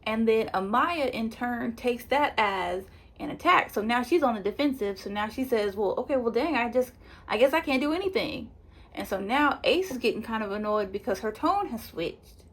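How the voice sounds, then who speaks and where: A woman's voice: a little high, normal speed. Chatty woman recapping TV. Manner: chatty, animated retelling with quoted voices and laughs. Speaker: reality show recap vlogger. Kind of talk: casual spoiler review.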